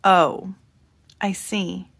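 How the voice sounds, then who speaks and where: A woman voicing a gentle, patient mother in a storybook, speaking softly and soothingly. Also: on the low side, steady tone, drawn-out words, husky, heavily acted.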